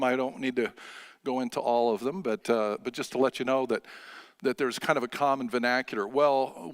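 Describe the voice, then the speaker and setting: A man, preaching a sermon as pastor in a relaxed, joking, conversational way with frequent filler pauses. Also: medium pitch.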